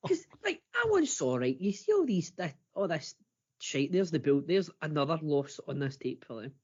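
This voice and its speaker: Bloke ranting on a podcast, husky voice, swings all over, dull lo-fi sound. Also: male voice, fairly high pitch, normal speed. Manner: excitable, swearing, mocking. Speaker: podcast co-host. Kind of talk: casual chat.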